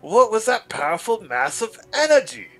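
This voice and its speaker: A man voicing an excited male scholar reading his research journal aloud, in a British accent with dramatic, wondering delivery. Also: high-pitched, normal speed, faint music behind, pitched above the performer's own voice, full character voice, rough recording.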